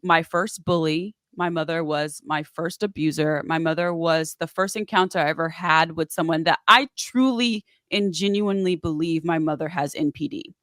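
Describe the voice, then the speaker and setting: A woman's voice: low-pitched, normal speed, few pauses, dry recording, studio quality. A woman guest in an interview, telling her story casually and acting out what others said. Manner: animated, acts out quoted voices.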